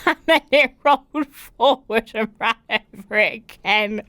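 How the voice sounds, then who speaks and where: A woman's voice: fairly high pitch, measured pace, a bit bright, no echo. A woman hosting a podcast, reading listener stories aloud and reacting with giggly laughter and incredulous exclamations. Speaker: podcast host.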